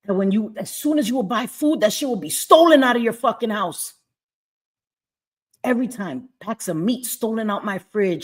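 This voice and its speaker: A middle-aged woman goes on a heated livestream rant over a webcam or phone, angrily cursing and repeating herself as she addresses her chat. Her mid-range voice is animated and moves at a moderate pace.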